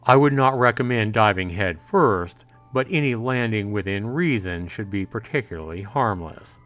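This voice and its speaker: A man voicing a gentle male android servant who speaks in a measured, formal, matter-of-fact way. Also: on the low side, animated, faint music behind. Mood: calm, formal.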